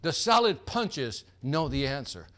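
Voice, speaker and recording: Brief: upbeat male quiz host, high bright tone, teases players by name. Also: big pitch swings, measured pace. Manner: hyped, joking, calls out players by name. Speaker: host of a sales team quiz. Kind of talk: energetic live quiz hosting.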